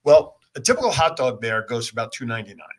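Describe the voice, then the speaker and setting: A man's voice: mid-range voice, big pitch swings, fast. A man hosting a talk show who jokes around with his guest and reads news items aloud. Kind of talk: casual interview chat.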